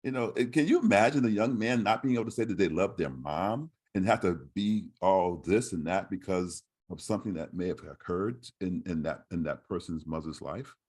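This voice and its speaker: A man on a panel discussion with a somewhat low voice, reflective and personal. He shares his own memories and presses others with direct questions. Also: normal speed, hardly any pauses, a little mellow, breathy edge.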